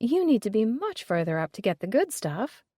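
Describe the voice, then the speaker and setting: A woman voicing a shrewd middle-aged mother who talks in a hushed, dryly sarcastic way. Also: a little high, sing-song, normal speed, slightly rough, no room sound, studio quality. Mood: knowing. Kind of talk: audiobook character reading.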